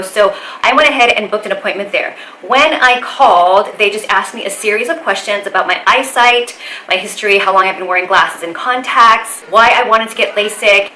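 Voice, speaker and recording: Woman, casual vlog chat, slight lisp, bright voice, echoey room. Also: mid-range voice, slight background noise. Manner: careful, explanatory, chatty. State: slight lisp from a bitten tongue. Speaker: vlogger. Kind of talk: casual talk to camera.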